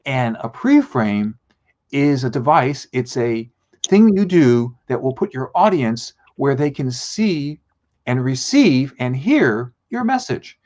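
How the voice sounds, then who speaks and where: A man's voice: medium pitch, slow pace, lo-fi sound. A man hosting a live show as a speaking coach, teaching with examples and acting out the lines he quotes. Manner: animated, acts out quoted lines.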